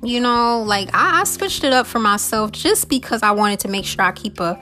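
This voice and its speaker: A woman's voice: a little high, expressive, normal speed, bright, forceful tone, soft background music. A woman hosting a podcast in a casual, reflective monologue, chatty and conversational, often laughing and repeating phrases. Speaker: podcast host.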